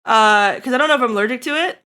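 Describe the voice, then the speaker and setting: A woman streamer in casual live-stream chat, rambling and breaking into loud laughter, her throat getting tickly. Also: fairly high pitch, quick pace.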